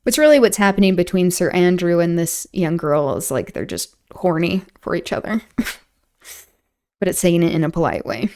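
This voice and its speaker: A woman's voice: on the low side, very animated, normal speed, darkish tone. A woman streamer reading a classic novel aloud, breaking off for casual chatty asides.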